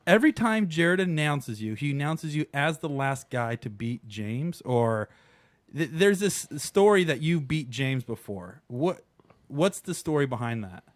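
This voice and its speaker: A man's voice: fairly high pitch, sing-song, measured pace, no echo. A man co-hosting a podcast, telling stories in a playful, joking manner. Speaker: podcast co-host. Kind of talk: casual podcast chat.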